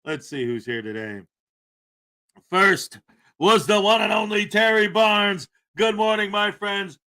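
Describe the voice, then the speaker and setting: A man's voice: high voice, measured pace. A man hosting a casual morning livestream, joking around and greeting viewers by name. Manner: jokey, playful, shouts out viewers by name. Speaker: livestream host. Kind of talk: casual live-chat greetings.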